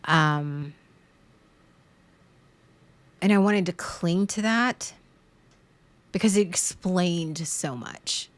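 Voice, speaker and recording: A podcast host speaks in a fairly low voice, drawing out her words and pausing often, on a dry recording. Her monologue is frank and emotional, and she occasionally swears. It rambles, and she restarts and repeats words as she goes.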